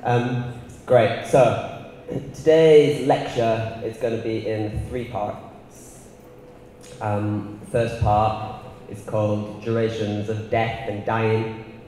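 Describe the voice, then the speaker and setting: A man with a Northern English accent giving an art lecture, measured and reflective, partly reading from a prepared text. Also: on the low side, fairly even intonation, warm tone, a little hiss or hum. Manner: measured and reflective, with filler ums. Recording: roomy hall with long reverb.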